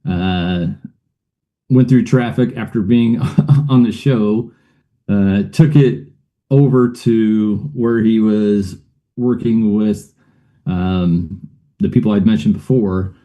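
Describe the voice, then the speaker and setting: A man's voice: lowish voice, slow pace, mellow, muffled recording. A middle-aged man, a guest on a show, telling a personal story in a rambling way, with many fillers and uneasy laughs.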